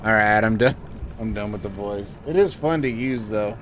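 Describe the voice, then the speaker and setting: A man casually commenting and reacting out loud as he plays a game. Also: lowish voice, normal speed, slight background noise. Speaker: gamer.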